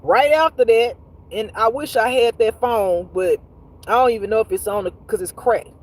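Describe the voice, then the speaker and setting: Husky-voiced woman, profane and animated. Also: fairly high pitch, moderate pace, low-quality recording. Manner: animated, profane storytelling with frequent laughs; talks straight to viewers, reads comments aloud. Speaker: intuitive spiritual teacher. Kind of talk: casual livestream monologue.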